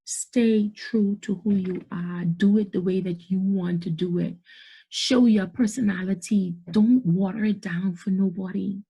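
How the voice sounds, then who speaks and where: A woman's voice: mid-range voice, fairly even intonation, measured pace, mellow, slightly rough, muffled recording. A middle-aged woman, giving emphatic motivational business advice to camera and repeating points for stress. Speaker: business coach.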